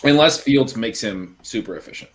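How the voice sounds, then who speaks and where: A man co-hosting a casual sports podcast who also writes for it. He speaks in a low-key, candid way at a mid pitch, dropping the odd casual swear word. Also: lively intonation, normal speed.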